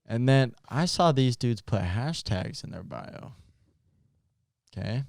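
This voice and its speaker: A man's voice: medium pitch, animated, slow, vocal fry, a little mellow, no echo, clean studio sound. A man in his twenties co-hosting a podcast, cracking crude jokes and teasing his friend in casual banter. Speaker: podcast co-host.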